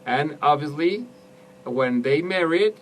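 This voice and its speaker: Slow, hesitant radio co-host man. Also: a little high, lively intonation. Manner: hesitant, searching for words. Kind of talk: casual radio chat about films. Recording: distant mic with some background noise.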